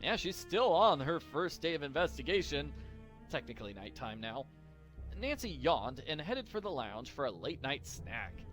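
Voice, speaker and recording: A man narrates a comedic parody story, dropping in wry, deadpan asides. His voice is bright and slightly high, and his delivery moves up and down a lot. Soft music plays behind him. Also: normal speed.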